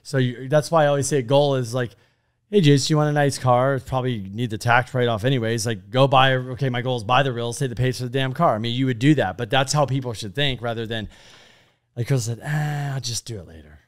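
Guy cohosting a podcast, mid pitch, rambly and animated, keeps restarting his sentences. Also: quick pace. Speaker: podcast co-host. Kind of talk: casual chat.

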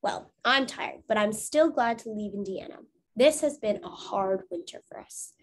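A woman's voice: mid-range voice, expressive, moderate pace. A woman reading the part of a tired older frontier father in a storybook, plain-spoken and weary.

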